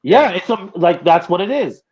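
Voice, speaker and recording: A man's voice: high-pitched, big pitch swings, moderate pace, a little mellow, slightly rough. Man on a dull-sounding mic. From Toronto, Canada. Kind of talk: casual chat.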